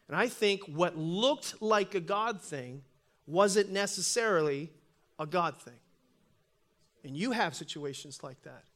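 A middle-aged man preaches to his congregation in a fairly high voice. He tells his story in an animated way, and his voice rises and grows loud when he presses a point. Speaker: pastor. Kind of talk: sermon with personal story.

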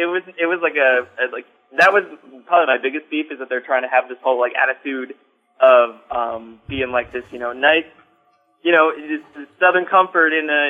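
A man telling a story in casual chat, rambling with lots of likes and ums. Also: mid-range voice. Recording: phone-like line, faint music.

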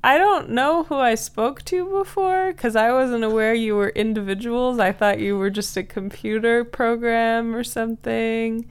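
A woman's voice: a little high, fairly even intonation, a little slow, few pauses, smooth, natural voice. Woman playing a fed-up young woman. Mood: exasperated. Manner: exasperated, firm.

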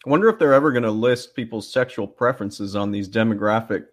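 A man's voice: on the low side, quick pace. A man co-hosting a podcast in casual chat, easygoing and agreeable. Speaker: podcast co-host.

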